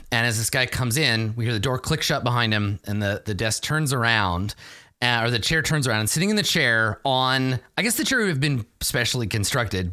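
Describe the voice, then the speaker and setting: A man's voice: medium pitch, sharp tone, clean tone. A man narrating a tabletop game as game master, describing scenes in a casual, rambling way with many fillers.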